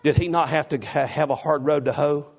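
Middle-aged male pastor, slightly high voice, loud exhorting sermon delivery. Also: steady tone, fairly quick, creaky. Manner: rising to loud exhorting, calls on congregation by name.

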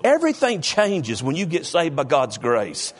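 A man's voice: fairly high pitch, wildly swooping pitch, moderate pace. A man preaching a sermon, fervent and calling out members of the congregation by name. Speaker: pastor.

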